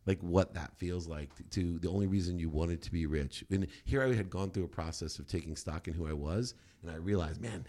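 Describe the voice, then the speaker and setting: Appearing as a podcast guest, a middle-aged man with a low-sitting voice talks a little fast with hardly any pauses. His candid personal story comes out emphatically, and he turns animated when quoting himself.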